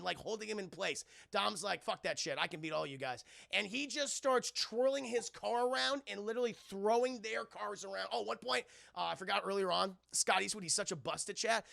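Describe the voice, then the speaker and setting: Gravelly, bright-voiced man ranting excitedly. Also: high voice, no echo, clean studio sound. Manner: rapid, profane, animated storytelling. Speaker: streamer reviewing a film. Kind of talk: excited spoiler recap to live chat.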